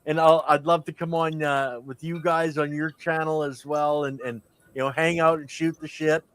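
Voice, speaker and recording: A man's voice: fairly high pitch, level tone, moderate pace, fairly bright tone, clear, resonant tone. A man hosting a casual livestream chat, laid-back and chatty, thanking his guest and talking to the chat. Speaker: host.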